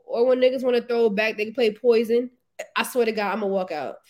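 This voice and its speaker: A woman's voice: fairly high pitch, fast, a little mellow. A woman in casual chat, blunt and profane, ranting and laughing.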